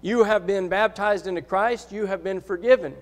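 A man's voice: high-pitched, moderate pace. A man preaching a sermon in a church, earnest and emphatic, hammering home key phrases by repeating them. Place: church sanctuary. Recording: church hall reverb.

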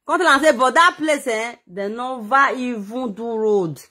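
A woman with a Nigerian accent telling gossip stories in a casual vlog. She talks in an animated way, exclaiming and repeating words for effect. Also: fairly high pitch, unhurried. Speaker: gossip vlogger.

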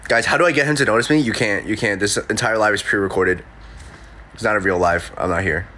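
Streaming from his room, a man in his twenties with a cold reads chat and jokes around playfully, sounding sniffly. His voice is fairly low, quick, pushed and bright, picked up by a desk mic.

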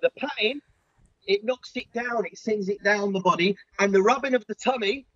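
A man's voice: sits high, moderate pace, a bit bright, slightly rough, no room sound, muffled recording. A man playing a big, earnest, clueless self-styled diet guru in a comedy sketch, instructor patter full of "yeah?" and "right?". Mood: instructive.

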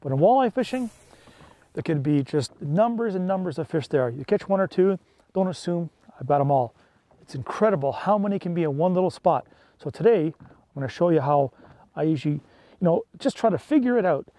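A man chatting excitedly and folksily while fishing from a small boat on a lake. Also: fairly high pitch, fairly quick, no room sound. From Canada. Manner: excitable, folksy, peppers talk with "eh". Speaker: fishing vlogger. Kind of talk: casual on-the-water chat.

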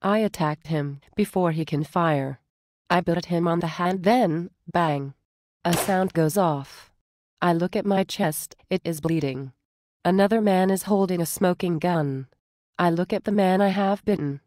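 Woman reading a story, low and dry. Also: measured pace, darkish tone, no echo.

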